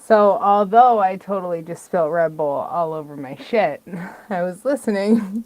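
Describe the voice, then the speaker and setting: A woman giving chatty, animated feedback on a song in a casual review chat. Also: medium pitch. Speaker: music reviewer.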